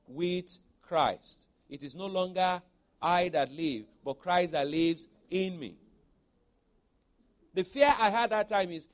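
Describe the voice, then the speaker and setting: A man in his forties preaching a sermon, telling a personal story and moving from soft storytelling to loud exhortation. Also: high-pitched.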